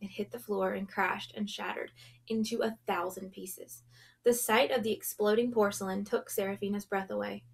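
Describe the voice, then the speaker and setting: A woman reading a children's novel aloud in a gentle storytelling manner, going soft and hushed at tense moments. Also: mid-range voice, steady tone, moderate pace, gravelly. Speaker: audiobook reader.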